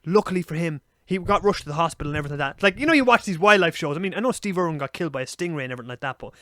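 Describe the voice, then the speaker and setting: Fast-talking Irish man telling wild stories. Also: a little high, dry recording, studio quality. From Ireland. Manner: animated storyteller, swears freely. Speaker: podcast co-host. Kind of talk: casual chat.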